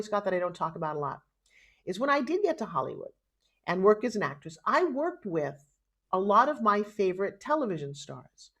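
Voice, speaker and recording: With a medium-pitched voice and a New York accent, a middle-aged woman from New York relates her life story as an interview guest. She tells it in a dramatic, animated style.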